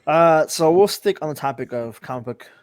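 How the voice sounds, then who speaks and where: Male co-host, relaxed and opinionated, steers the talk, dry mic. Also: a little high, moderate pace, no room sound. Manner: casual, steers the topics. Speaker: podcast co-host. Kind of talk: casual chat.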